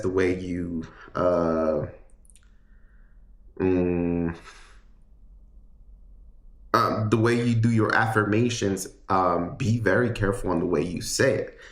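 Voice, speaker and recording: A man's voice: fairly low pitch, roomy sound. A man giving a casual livestream tarot reading, chatty and rambling with many fillers and restarts. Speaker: tarot reader.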